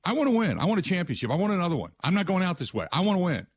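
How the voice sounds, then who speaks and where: A man putting on the voice of a driven star quarterback, insistent and pitched up. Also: very animated, very fast, dry recording, clean studio sound.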